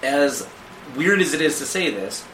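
A middle-aged man co-hosting a conversational theology podcast, animated and acting out quoted prayers in different voices. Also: on the high side, measured pace, noisy background. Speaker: podcast co-host. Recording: echoey room.

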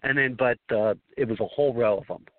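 Over a thin, tinny phone line with a dry, close sound and no room noise, a Southern California man joins a talk radio conversation. He talks fast at an ordinary middle pitch, rambling and emphatic as he tells his story, often restarting his sentences.

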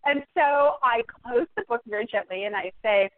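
A woman's voice: fairly high pitch, a little fast, no echo. Woman telling a story over a phone line. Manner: animated, wry, laughs while telling the story. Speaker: guest. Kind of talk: conversational storytelling. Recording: tinny phone line, dry.

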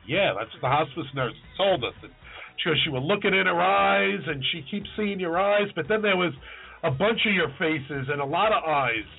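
A man's voice: on the high side, vocal fry, slightly rough. A man co-hosting a casual podcast, telling a long story and acting out the voices he quotes. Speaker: podcast co-host. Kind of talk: casual chat. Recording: tinny phone-like audio with faint music.

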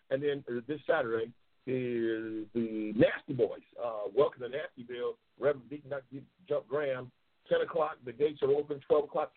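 A fired-up male show host from New York City, with a husky mid-range voice, reads viewer comments on a live show. He's loud, emphatic, passionate, and heavily profane, and the audio is tinny and phone-like.

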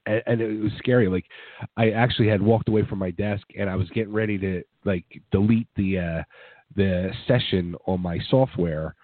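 A man hosting a rock radio show, hoarse from a cold, rambling casually with lots of fillers as he wraps up. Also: lowish voice, no room sound. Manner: rambling, filler-heavy, laid-back. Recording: dry, phone-like narrow sound.

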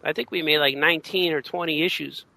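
A comics creator, a man, chatting casually in a laid-back, halting way, often laughing. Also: a little high, fairly even intonation, creaky, bright, forceful tone, poor audio. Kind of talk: casual chat.

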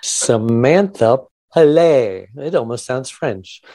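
An upbeat man hosts his podcast with a chatty, radio-style delivery. He sounds enthusiastic and laughs often. His voice sits at an average pitch and is recorded close and dry, with almost no room sound. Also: lively intonation, takes it slowly, mellow, no room sound. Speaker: podcast host. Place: Los Angeles.

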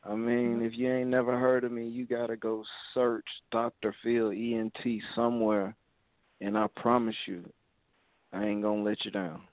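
A man from Alabama with an Alabama twang, a rapper guest talking casually in laid-back slang and giving shout-outs. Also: medium pitch, little pitch movement, normal speed. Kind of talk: casual interview over a call. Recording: tinny phone-like call audio, dry.

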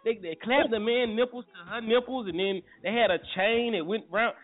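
A man's voice: sits high, normal speed. A man hosting a casual morning show, joking and cursing freely. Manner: joking, crude and profane. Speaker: radio show host. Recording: tinny phone-like sound with faint music.

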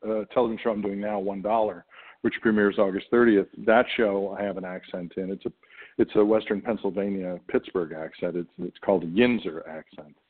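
Over a thin, phone-like connection, a middle-aged actor from the United States answers interview questions in a casual, reflective way. His voice is lowish and even, moving a little fast, and he often hesitates with fillers and starts over.

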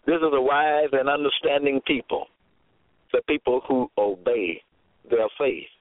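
Man, radio preacher, slow deliberate delivery, emphatic repetition, dry close sound. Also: medium pitch, dry recording. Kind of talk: radio sermon. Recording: tinny phone-like radio audio.

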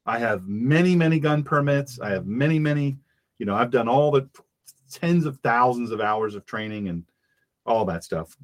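A man's voice: mid-range voice, expressive, normal speed. A man hosting a fiery political talk radio show, preaching in an impassioned way and acting out little scenes.

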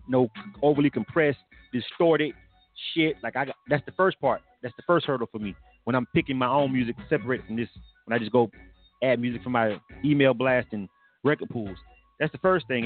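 A man's voice: medium pitch, fairly quick. A man hosting a casual radio music review show, talking in a laid-back, slangy, profane way. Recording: tinny phone-like broadcast audio.

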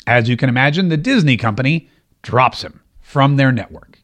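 A middle-aged man hosting an opinion talk show, talking in an animated, rambling way and often repeating himself. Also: medium pitch, normal speed. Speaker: host.

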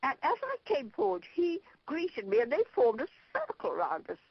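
Older Irish woman, rambling storyteller, bouncy sing-song pitch, dull phone-line sound. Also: normal speed, vocal fry, dry recording. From Ireland. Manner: lively, rambling storyteller who laughs at her own tales. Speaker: interview guest, spiritual leader. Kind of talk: anecdotal storytelling in an interview.

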